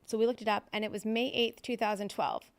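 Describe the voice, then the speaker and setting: A woman's voice: mid-range voice, fairly even intonation, brisk. A woman in her thirties from Southern California, telling her own recovery story on a podcast in a candid, blunt way with plenty of fillers. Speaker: podcast guest.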